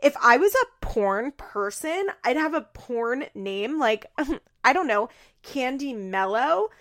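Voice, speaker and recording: A woman's voice: sits high, sing-song, slow pace, pitched above the performer's own voice, heavily acted. A woman putting on a sarcastic, sing-song impression of a snippy young woman who insists she is fine. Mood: mocking. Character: snippy young woman, fake-cheery denial.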